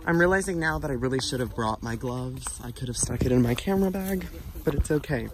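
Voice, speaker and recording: A young man chatting casually into a handheld camera in the woods, his pitch rising and falling a lot as he talks. He rambles with plenty of fillers. Clear background noise runs under the outdoor recording. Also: brisk. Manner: rambling, filler-heavy, animated. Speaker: vlogger. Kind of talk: casual vlog chat. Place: outdoors in a forest.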